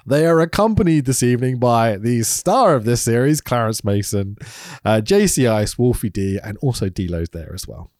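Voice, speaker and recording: A man's voice: mid-range voice, animated, moderate pace, darkish tone, dry recording, clean studio sound. A man recovering from a throat infection, co-hosting a casual chat and laughing often. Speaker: podcast co-host.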